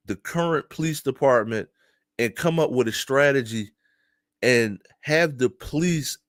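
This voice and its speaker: A man from Philadelphia giving casual, animated opinion commentary to his viewers, laughing often and talking straight to them. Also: medium pitch, no echo, clean studio sound. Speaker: news commentary streamer.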